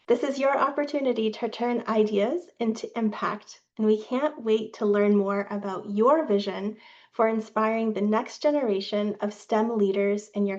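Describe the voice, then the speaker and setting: A woman staff presenter reading a prepared update in a formal, measured way, with small slips. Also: mid-range voice, darkish tone. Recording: dull lo-fi sound.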